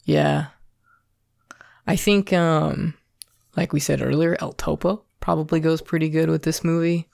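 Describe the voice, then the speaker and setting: A man's voice: fairly high pitch, steady tone, a little slow, creaky, long pauses, darkish tone, dry recording, clean studio sound. A young adult man co-hosting a podcast, chatting casually about a movie in a rambling way full of fillers. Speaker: podcast co-host. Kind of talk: casual film chat.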